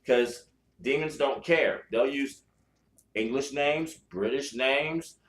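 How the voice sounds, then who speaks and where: A man's voice: medium pitch, takes it slowly, a bit bright. Blunt, profane man in an echoey room. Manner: blunt and profane, with many restarts. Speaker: podcast host. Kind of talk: casual spiritual podcast talk.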